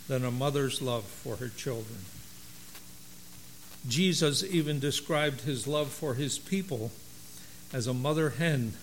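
A man preaching a sermon and reading a story aloud in a measured, storytelling way. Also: mid-range voice, slight background noise, rough recording. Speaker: pastor.

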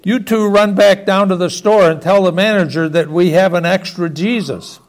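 A man's voice: high voice, moderate pace, lightly acted. A man voicing a flustered, fussy mother who gives instructions, in a storytelling reading. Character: worried flustered mother, middle-aged.

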